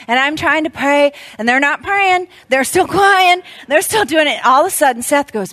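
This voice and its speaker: A woman in her fifties speaking at a women's church event, telling a story in an animated way and laughing often. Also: sits high, moderate pace, no echo.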